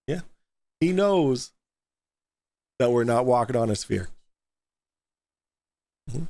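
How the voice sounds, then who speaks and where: A man's voice: medium pitch, lively intonation, slow pace, warm tone, no room sound. A man hosting a live stream, mocking and sarcastic, laughing often as he comments. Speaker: host reacting to a debate stream.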